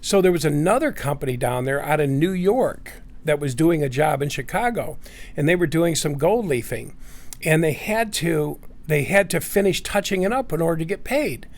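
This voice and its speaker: A man's voice: fairly high pitch, animated, moderate pace, gravelly. A middle-aged man casually telling a long personal story, rambling with many fillers and restarts.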